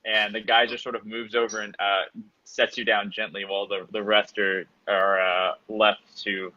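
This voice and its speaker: A man runs a tabletop game as game master, narrating in halting bursts with many restarts. His voice is bright and forceful, sitting a little low, and the sound is dry and somewhat muffled. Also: level tone, dry recording. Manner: halting, full of restarts and fillers.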